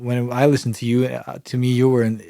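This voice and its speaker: A man's voice: medium pitch, little pitch movement, a little fast, gravelly, mellow, dry recording, studio quality. A man hosting a podcast, eagerly agreeing with his guest and adding his own thoughts. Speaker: podcast host. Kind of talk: conversational interview.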